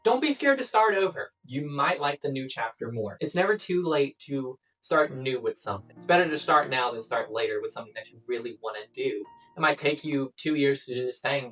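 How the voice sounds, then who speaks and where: A woman swearing, excitable vlogger, distant mic. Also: very deep voice. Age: young adult. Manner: blunt, swearing, excitable and playful. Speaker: vlogger giving life tips. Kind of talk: casual chat to camera. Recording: distant mic with background music.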